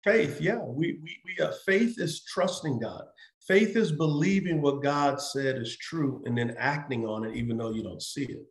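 A man's voice: on the high side, normal speed, roomy sound. A male pastor as a podcast guest, speaking emphatically in a preaching style, building in repeated phrases and acting out quoted voices. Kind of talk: passionate preaching-style conversation.

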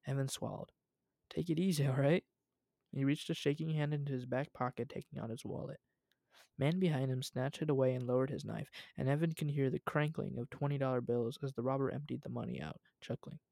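A young man hosting a show, chatting casually and reading a childhood story aloud in a relaxed way. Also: mid-range voice, fairly quick, vocal fry, dry recording, clean studio sound. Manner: relaxed, laughs at his own reading.

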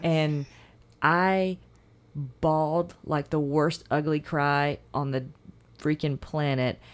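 A woman in casual conversation, chatty and expressive, sometimes trailing off while searching for words. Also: sits low, slow. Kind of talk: casual chat.

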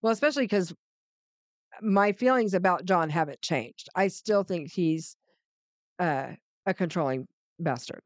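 Low-voiced woman podcast co-host. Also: lively intonation, unhurried, pauses often, no echo. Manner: agreeable, frank, many "mm-hmm"s. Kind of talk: casual chat recapping reality TV.

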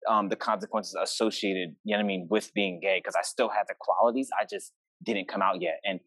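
A young man talks fast in a lowish voice, a guest in a casual podcast chat. He tells stories with lively acted-out quotes and swears freely. His voice sounds dry and close to the mic. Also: no room sound. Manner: animated storyteller, acts out quoted family lines, swears freely.

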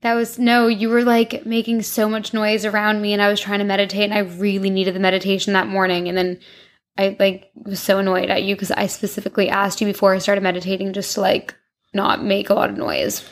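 A woman's voice: medium pitch, monotone, brisk. Young female host, casual couple chat, chatty and self-deprecating.

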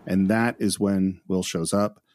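A man's voice: deep voice, little pitch movement, unhurried, darkish tone. A man co-hosting a film podcast, thoughtfully analyzing characters in casual chat. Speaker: podcast co-host.

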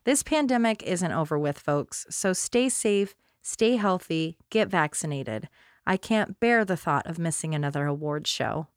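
A woman's voice: on the low side, animated, a little slow, clear, resonant tone, dry recording, studio quality. A woman hosting a podcast, reading wry scripted commentary and chatting casually with lots of laughter. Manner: wry, conversational, laughs often. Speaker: podcast host.

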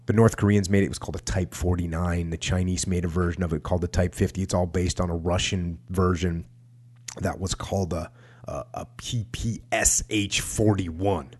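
A man's voice: low-pitched, steady tone, moderate pace, a little mellow, breathy edge. A man hosting a talk show, reading a book aloud and breaking off into casual commentary with frequent restarts. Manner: conversational, frequent restarts and asides. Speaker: podcast host reading a war memoir.

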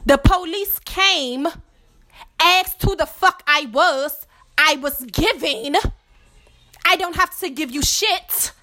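A woman's voice: very high-pitched, pushed and bright. A woman podcast host in a heated, profane monologue, tagging her points with "okay?". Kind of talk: ranting monologue to camera.

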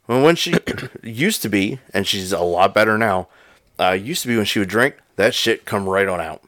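A man co-hosting a podcast, telling a story in casual, profane, animated chat. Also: on the low side, moderate pace, no echo, studio quality. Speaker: podcast co-host.

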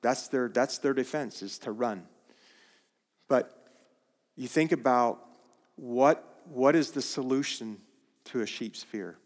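A man preaching a sermon, slow and deliberate, often restarting his phrases. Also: mid-range voice, long reverb tail.

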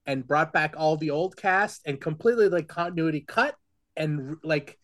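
A man's voice: fairly high pitch, moderate pace, fairly bright tone. A man co-hosting a podcast in casual chat, rambling through his opinions with many restarts and wry complaints. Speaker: podcast co-host.

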